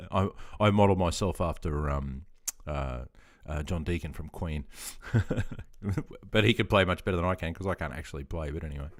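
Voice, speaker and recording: A man's voice: sits low, normal speed. An Australian man in his fifties, chatting in a rambling, self-deprecating way while reading out chat on a gaming live stream. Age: 50s.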